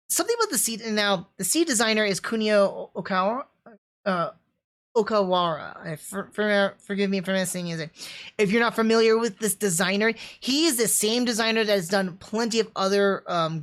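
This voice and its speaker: An animated woman speaks casually to her stream audience, restarting her thoughts and leaning on fillers. Her pitch sits in a middle range. She rambles with eager enthusiasm as she reviews.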